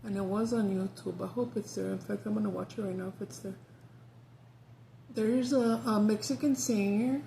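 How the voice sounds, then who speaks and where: Woman, mid pitch, gravelly, talkative, swears, laughs a lot. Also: mellow, a little hiss or hum. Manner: chatty, swears freely, laughs often. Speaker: mukbang vlogger. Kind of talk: casual chat.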